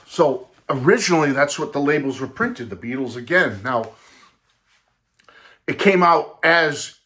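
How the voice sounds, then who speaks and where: A man in his sixties hosting a vlog, telling a nostalgic personal story in a chatty, animated way, talking straight to his viewers. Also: fairly high pitch, measured pace. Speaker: vlog host and record collector.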